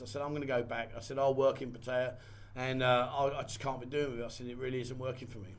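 A man's voice: medium pitch, quick pace. A man vlogging a candid personal story in a rambling, conversational way and repeating phrases. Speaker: vlogger and photographer.

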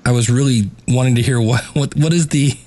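A man's voice: medium pitch, a little fast, a little mellow. A man reviewing a podcast live as a coach, chatty and full of restarts. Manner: chatty, many restarts and fillers.

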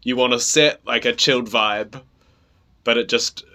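A man co-hosting a casual chat, telling stories in a halting, rambling way with many restarts. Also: medium pitch, fairly even intonation, bright, forceful tone. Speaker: podcast co-host.

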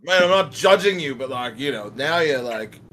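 A man's voice: mid-range voice, lively intonation, normal speed, fairly bright tone. A man voicing a chatty male parakeet with an Australian accent, rambling in slang and calling everyone mate. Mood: scolding. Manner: rambling, slangy, scolding, says mate a lot.

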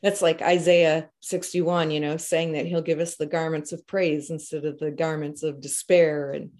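Affirming low-voiced female host. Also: level tone, normal speed, darkish tone. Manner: affirming, frequent murmured agreement and scripture references. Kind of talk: faith-based interview.

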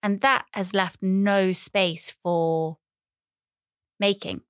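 A woman's voice: mid-range voice, fairly even intonation, drawn-out words, no room sound, studio quality. A woman in her thirties hosting a podcast, talking in a rambling, chatty, self-deprecating way and repeating phrases. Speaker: podcast host. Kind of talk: casual solo podcast monologue.

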